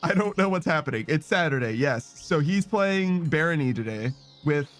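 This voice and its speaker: A man with a fairly high voice chats loosely with his stream audience, reading messages aloud and drifting off on tangents. He swears freely and laughs often. Faint music plays softly behind him. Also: lively intonation, moderate pace. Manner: rambling, swears often, laughs a lot, reads chat aloud. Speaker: game streamer. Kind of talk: casual livestream chat.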